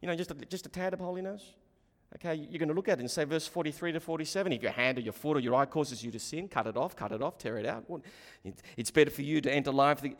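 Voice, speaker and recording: A man preaching a sermon with passion, surging to loud emphatic bursts and dropping to quiet low asides, often repeating words as he restarts a phrase. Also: fast talker. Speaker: pastor. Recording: long hall reverb.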